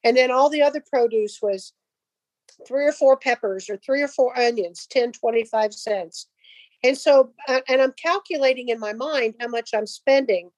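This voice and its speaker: Animated middle-aged woman telling a story. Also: on the high side, normal speed, dry recording. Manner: animated, acts out dialogue in voices. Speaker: guest telling a faith story. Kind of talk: casual storytelling.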